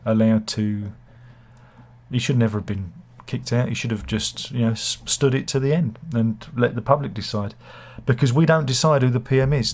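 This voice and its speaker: A man's voice: medium pitch, darkish tone. Man with a cold, rambling and jokey. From United Kingdom. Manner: rambling and hesitant, many fillers and restarts, jokey asides. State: has a cold, slight cough. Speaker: host of a live chat show. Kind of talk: casual opinionated chat, reading viewer comments.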